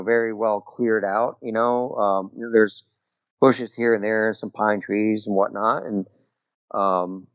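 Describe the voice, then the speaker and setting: A middle-aged military veteran telling a personal story as a podcast guest, talking loosely and peppering it with "you know" and "right?". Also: male voice, on the low side, dry recording. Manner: rambling, full of "you know" and "right?" tags. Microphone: remote call over Skype. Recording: dull, dry call audio.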